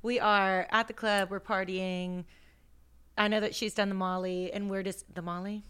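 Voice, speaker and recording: A woman's voice: mid-range voice, level tone, moderate pace, a bit bright, clean tone. A young woman co-hosting a podcast in casual chat, retelling a night out with quoted dialogue and an amused tone. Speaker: podcast co-host.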